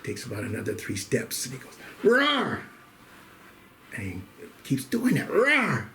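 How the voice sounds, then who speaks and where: A man's voice: fairly low pitch, very animated, brisk, slight background noise. A middle-aged man hosting a weekly show, telling jokes in a folksy, casual monologue and calling his listeners "folks.". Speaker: host.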